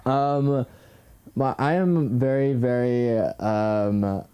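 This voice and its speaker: A woman's voice: rumbling low, fairly even intonation, drawn-out words, mellow, smooth, dull audio. A young woman doing an awkward, chatty stand-up comedy set on a club stage. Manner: awkward, chatty, laughs often. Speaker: stand-up comic.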